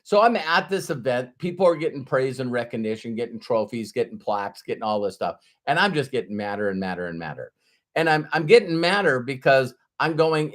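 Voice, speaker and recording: Guy coaching folks thru a sales story, lively, keeps restarting words, mid voice. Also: mid-range voice, brisk. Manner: animated, frequent restarts and repeated words. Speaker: business coach. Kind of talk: casual motivational storytelling.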